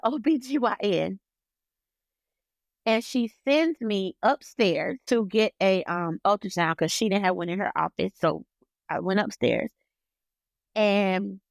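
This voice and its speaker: A woman in her thirties co-hosting a podcast, telling a personal story in an emphatic, animated way. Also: medium pitch, gravelly, no room sound. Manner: animated, emphatic, acts out dialogue. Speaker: podcast co-host. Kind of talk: personal storytelling in casual chat.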